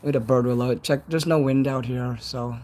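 A man with a Chicago accent rambles through a casual live-stream chat outdoors at night. His pitch sits in the middle for a man, and he talks in a loose, chatty way that is full of swearing. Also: steady tone, normal speed, dark tone, a little hiss or hum. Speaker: livestreamer.

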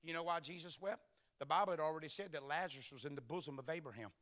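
A man's voice: a little high, fast talker, fairly bright tone. A man preaching a sermon in a church, telling folksy stories and acting out the dialogue. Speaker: pastor. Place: church sanctuary.

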